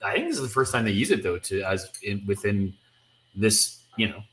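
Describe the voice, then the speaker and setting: A man co-hosting a comics reading stream, chatting in an animated way with many fillers and laughs. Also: fairly low pitch, brisk. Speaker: comic reading podcast co-host. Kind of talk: casual chat.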